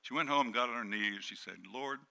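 A middle-aged male pastor preaching a sermon, dropping to hushed tones and then rising to loud, emphatic peaks. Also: on the low side, fairly quick, vocal fry. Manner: dynamic preaching, swings from hushed to shouting.

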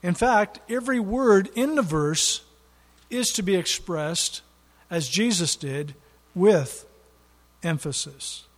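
A man's voice: sits high, lively intonation, slow pace. A man preaching a sermon in an earnest way, leaning hard on key words for emphasis. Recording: long hall reverb.

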